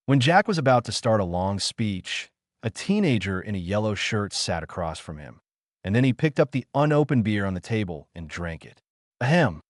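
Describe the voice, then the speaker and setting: A man reading an audiobook in a steady scripted narration, lifting his voice slightly for quoted lines. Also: on the low side, moderate pace, no echo, clean studio sound.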